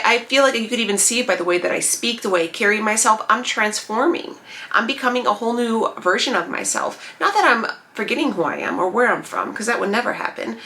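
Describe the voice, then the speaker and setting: A woman in her thirties talking straight to the viewer in a motivational lifestyle vlog, animated and preachy. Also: medium pitch, gravelly. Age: 30s. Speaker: lifestyle vlogger. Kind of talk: motivational vlog talk to camera.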